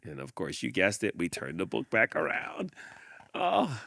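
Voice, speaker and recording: Male podcast host, slow, expressive delivery with a swooping voice, repeats words. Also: fairly low pitch, creaky, no room sound. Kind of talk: reflective talk and reading a picture book aloud.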